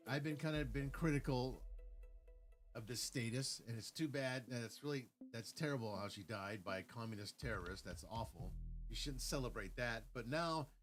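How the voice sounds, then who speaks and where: Lively-pitched man ranting on a livestream. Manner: argumentative, reads comments and rebuts them; stumbling restarts, lecturing tone. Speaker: livestream commentator. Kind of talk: political rant livestream.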